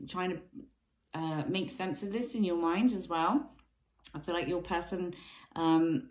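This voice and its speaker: A woman giving a casual tarot card reading, musing and thinking aloud with many pauses and ums. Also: sits low, a little mellow, reverberant, low-quality recording. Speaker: tarot reader.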